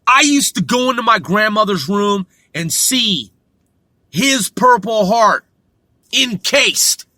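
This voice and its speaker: A young American man ranting to camera with profanity, slow and combative, breaking into shouts. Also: sits high, lively intonation, no echo. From United States.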